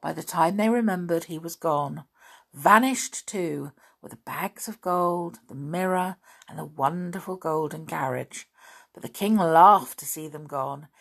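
Expressive woman reading a storybook aloud. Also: low-pitched, measured pace, gravelly. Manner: expressive, gently emotive.

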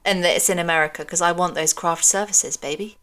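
A woman's voice: fairly low pitch, steady tone, fast, a crowd in the background. A woman, an actress, chatting casually, wry and telling stories with laughter. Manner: wry storyteller, laughs a lot. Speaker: actor guest. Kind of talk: casual chat.

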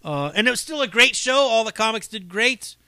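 A man's voice: very high-pitched, animated, fairly quick, bright, forceful tone, dry recording. A man hosting a podcast, telling stories in a profane, rambling, casual monologue with frequent laughs. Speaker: podcast host and comedy show runner.

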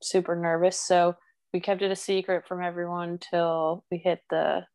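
A woman's voice: on the low side, little pitch movement, darkish tone, smooth. Chatty emotional woman. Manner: chatty and emotional, quick bursts of speech. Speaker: friend and mother. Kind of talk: casual chat.

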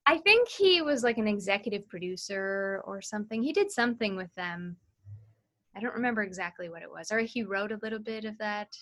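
Bright-voiced chatty woman consultant. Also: mid-range voice, expressive. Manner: chatty, demonstrates phone tonality with quick asides. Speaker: sales training consultant. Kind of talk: interview guest explaining sales techniques.

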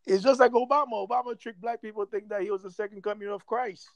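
A man's voice: high-pitched, steady tone, quick pace, no room sound. A man in casual chat who talks in a rambling, profane way and laughs often.

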